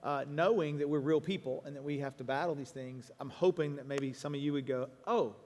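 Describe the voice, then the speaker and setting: A man speaking as a pastor to a congregation in a church auditorium. He is earnest, with quick restarts and quoted asides. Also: on the high side, fairly even intonation, a little mellow. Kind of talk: stage conversation to a congregation. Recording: long hall reverb.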